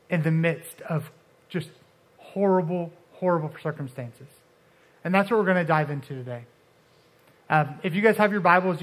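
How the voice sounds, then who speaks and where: High-voiced young man preaching casually. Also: a bit bright. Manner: conversational, halting, many restarts and fillers; acts out Bible figures in quick asides. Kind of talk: casual sermon.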